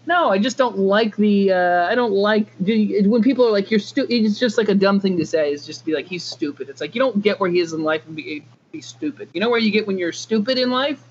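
A man's voice: sits high, a little fast, hardly any pauses, slight background noise. A man co-hosting a podcast, arguing his point insistently in casual chat. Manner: insistent, argumentative. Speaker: podcast co-host. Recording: dull lo-fi podcast audio.

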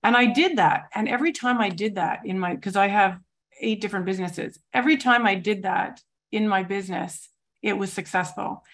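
Soft-spoken reflective woman sharing her recovery. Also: mid-range voice. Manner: reflective and searching, pauses often with soft fillers. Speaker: twelve-step program member sharing her story. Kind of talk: personal recovery testimony.

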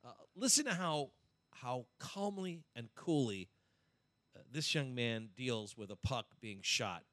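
A male podcast host with a bright, lively voice tells a story in casual chat. His pitch swings widely, and the studio sound is close and dry. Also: measured pace, dry recording. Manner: storytelling, animated.

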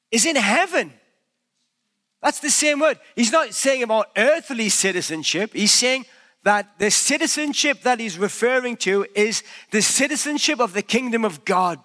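High, bright British pastor in a reverberant hall. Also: male voice. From Britain. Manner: chatty, jokey asides to the congregation. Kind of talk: conversational sermon. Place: church sanctuary. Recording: long reverb of a large church hall.

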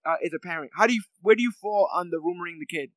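A man's voice: sits high, rapid-fire, no echo, low-quality recording. A man co-hosting a casual chat reviewing a TV series, talking in a thoughtful, reflective way with many filler ums. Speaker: podcast co-host.

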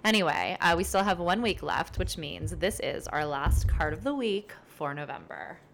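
A woman's voice: lowish voice, expressive, moderate pace, vocal fry, faint music behind. A woman hosting a casual solo tarot podcast, chatty and upbeat, rambling with fillers as she explains things. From based in New York City. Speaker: podcast host and tarot reader.

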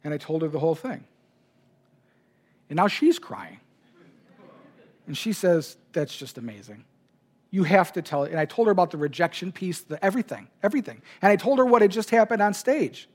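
A man's voice: sits high, animated, a little fast, pauses often. A man preaching a sermon as pastor, telling a personal story with emotion. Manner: personal, emotional anecdote told to a congregation.

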